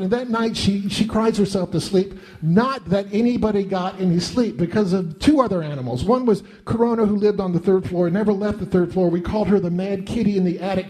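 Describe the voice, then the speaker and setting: Self-deprecating storyteller with a mellow high voice. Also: male voice, fast, hardly any pauses. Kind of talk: comic monologue.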